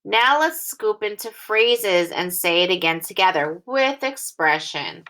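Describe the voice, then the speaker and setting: Slow, bright-voiced woman teacher. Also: medium pitch, expressive. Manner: slow, clearly enunciated reading, sentences read aloud in phrases. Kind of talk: recorded phonics lesson for young children.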